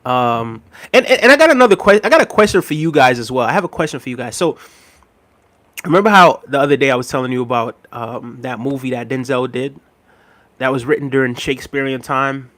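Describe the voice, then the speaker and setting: A man's voice: medium pitch, brisk, fairly bright tone. A man chatting casually on a live stream, reading out chat messages, repeating himself and laughing often.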